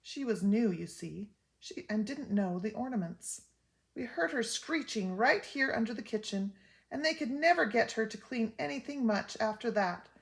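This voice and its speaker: A woman's voice: a little high, animated, moderate pace, creaky. An older woman voicing an anxious, fussy mother who tells gossip with emphatic exclaims, in a storybook reading. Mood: gossipy.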